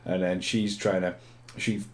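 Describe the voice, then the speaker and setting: A man's voice: low-pitched, flat delivery, unhurried. A man rambling casually through a film review vlog, swearing a lot and laughing at the films.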